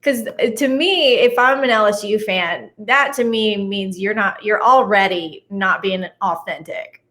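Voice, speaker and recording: A woman's voice: medium pitch, unhurried, fairly bright tone. A woman guesting on a casual sports podcast, chatting with frequent laughs and lots of "like.".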